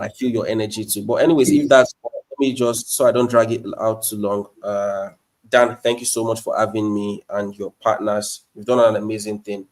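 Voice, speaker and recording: A man from Nigeria with a Nigerian accent, a guest speaker teaching in a casual, chatty live-stream talk, full of rhetorical questions. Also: fairly low pitch.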